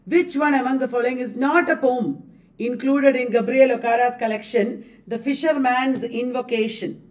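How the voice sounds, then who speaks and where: A woman's voice: fairly high pitch, normal speed, a little mellow, distant mic. A woman coaching students for an English literature exam. She quizzes them, keeps asking questions and repeats the answers. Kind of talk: exam-prep lecture.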